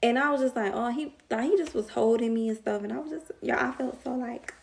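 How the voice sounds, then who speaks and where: A woman's voice: a little high, fairly quick, vocal fry. A young woman telling a casual storytime to her viewers, slangy and chatty, laughing often.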